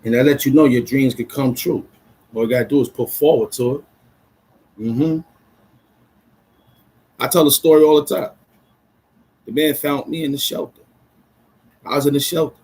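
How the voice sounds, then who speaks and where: An adult man from Brooklyn, chatting casually on a livestream in an excitable, rambling way full of street slang. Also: medium pitch, moderate pace, pauses often, slightly rough, rough recording. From Brooklyn, New York. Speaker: vlogger.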